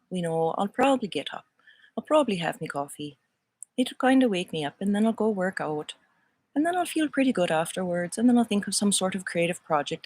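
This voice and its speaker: A woman's voice: mid-range voice, a little mellow. A woman in her fifties hosting a casual spiritual livestream talk in a playful, put-on Irish accent, musing and drawing out her phrases into the camera mic. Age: 50s. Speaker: host.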